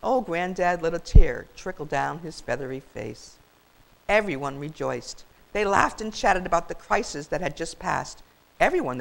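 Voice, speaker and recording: An older woman reading a children's story aloud as a grandmotherly storyteller, in a warm, expressive way. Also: low voice, vocal fry, poor audio.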